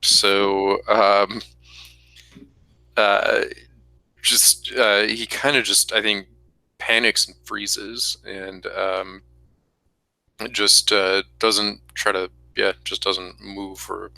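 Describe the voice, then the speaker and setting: A man playing in a tabletop role-play game, speaking in a hesitant, halting way. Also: fairly low pitch, flat delivery, creaky, bright, forceful tone, dry recording, rough recording. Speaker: player.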